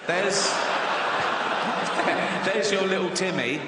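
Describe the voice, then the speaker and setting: A man's voice: high-pitched, very slow, heavy background noise. A man doing a stand-up routine, ranting with mock outrage and heavy swearing. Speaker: stand-up comedian. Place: large theatre on stage. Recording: echoey hall with loud audience laughter.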